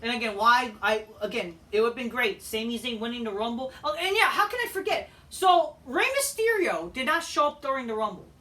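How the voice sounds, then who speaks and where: A woman's voice: fairly high pitch, lively intonation, fairly quick, hardly any pauses, fairly bright tone, far from the mic. A woman giving a heated, profane ranting review as a wrestling show host.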